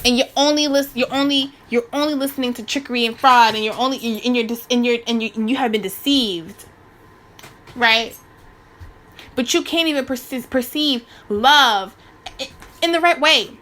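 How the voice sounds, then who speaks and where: A woman in her twenties giving a casual, slangy spiritual rant to her viewers, animated and preachy with many restarts. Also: on the high side, moderate pace. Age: 20s. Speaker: spiritual vlogger.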